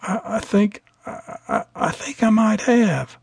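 A man's voice: lively intonation, slow, gravelly, breathy edge, dry recording, clean studio sound, full character voice. A man voicing a young woman flight attendant, who turns from sassy to scared and stammering, in an audiobook. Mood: meek. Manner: high, breathless, stammering.

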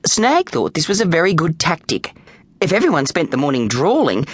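Lively Australian man narrating a kids' story. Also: on the high side, moderate pace, breathy edge, dry recording. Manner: lively, playful. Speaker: audiobook narrator.

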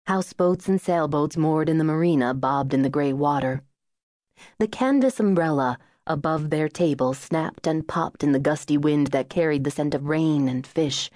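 Low-voiced woman audiobook narrator. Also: moderate pace, darkish tone, no room sound, clean studio sound. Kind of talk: scripted narration.

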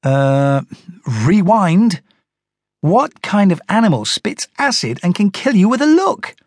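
A man voicing a panicky boy who shouts his lines high and loud. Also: sing-song, takes it slowly, no room sound, clean studio sound, full character voice. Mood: panicked.

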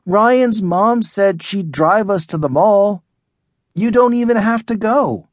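A high, whiny young schoolboy begging to get his way in a children's storybook, as a man narrator puts him on. His pitch jumps around, and the read is slow and close to the mic. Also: animated, no echo. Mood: pleading. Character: eager pleading young schoolboy.

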